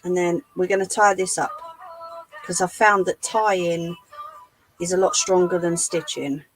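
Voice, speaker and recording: A woman hosting a live sewing tutorial, chatting to her viewers as she works, her voice going a little hoarse. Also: lowish voice, steady tone, unhurried, soft background music, low-quality recording. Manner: chatty, talks to live chat while demonstrating. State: losing her voice. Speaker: craft livestream host.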